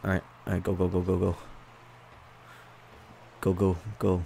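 A young man giving excited, loud gameplay commentary, yelling and laughing as he plays. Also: low voice, unhurried, gravelly, a little hiss or hum. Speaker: gamer and video host.

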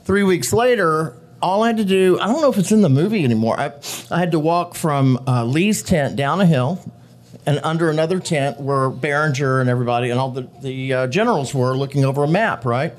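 High-voiced man spinning lively stories. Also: fairly quick. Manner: animated, laughing, acts out quotes. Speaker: actor guest telling set stories. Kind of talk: live storytelling to an audience. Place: live show venue with audience.

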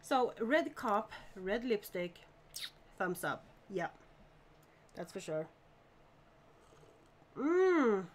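Slow-talking woman streamer. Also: mid-range voice, very animated. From Norway. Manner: chatty, greets viewers by name, laughs often. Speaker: live-stream host. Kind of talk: casual live-stream chat.

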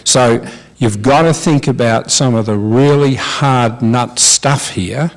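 A man's voice: mid-range voice, slow, rough recording. A man on a discussion panel, making blunt, skeptical, pessimistic points about policy.

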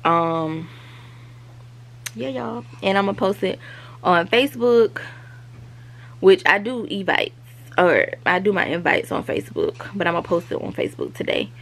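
Gravelly-voiced mom chatting to camera. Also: female voice, medium pitch, big pitch swings, a little slow, long pauses. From South Carolina, US. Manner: chatty, confiding, talks straight to viewers. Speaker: vlogger, mother. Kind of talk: casual chat to camera. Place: at home.

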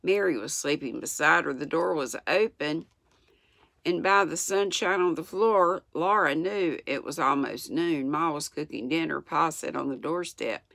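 A woman in her sixties with a Southern US accent, reading a children's book aloud in a gentle, unhurried way with small slips. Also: low voice, vocal fry, no room sound, studio quality. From United States. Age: 60s. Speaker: channel host reading aloud. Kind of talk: storybook read-aloud.

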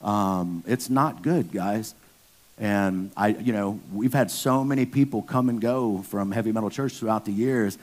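A man's voice: on the low side, a little slow, a little mellow. Blunt, slangy male preacher. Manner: blunt, conversational preaching with slang and rising emphatic bursts. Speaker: pastor. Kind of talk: casual sermon. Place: church.

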